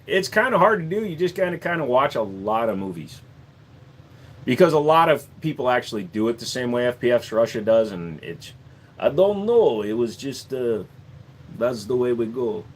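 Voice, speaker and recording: A man's voice: medium pitch, breathy edge. A man hosting a casual livestream Q&A, chatting jokily and answering viewers on a desk microphone. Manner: jokey, slips into accent impressions. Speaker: livestream host.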